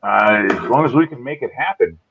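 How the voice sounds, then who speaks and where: A man's voice: medium pitch, expressive, brisk, gravelly, fairly bright tone, lo-fi sound, slight background noise. A man hosting a live online show, talking in an upbeat, rambling way with restarts. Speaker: podcast host. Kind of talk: casual live-show chat.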